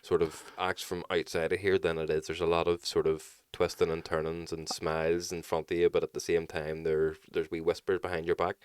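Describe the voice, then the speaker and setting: Deep-voiced man telling stories. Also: fairly quick, hardly any pauses, clear, resonant tone, no echo, clean studio sound. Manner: swears freely, animated storytelling with loud quoted voices. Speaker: podcast co-host. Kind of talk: casual chat, storytelling.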